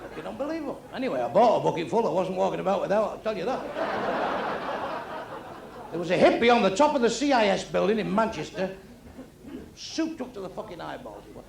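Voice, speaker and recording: A male stand-up comedian, telling crude jokes bluntly and with deadpan timing. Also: high-pitched, fast, gravelly, pauses often. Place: comedy club with a live audience. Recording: echoey club recording with crowd noise.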